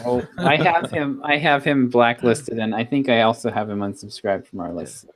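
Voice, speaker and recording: Joking male podcast co-host. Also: medium pitch. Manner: joking, quick to laugh. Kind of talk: casual chat.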